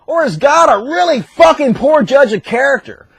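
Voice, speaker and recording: A man's voice: very high voice, animated, moderate pace, vocal fry, no echo. A man giving a profane, sarcastic comedic recap as an online commentator.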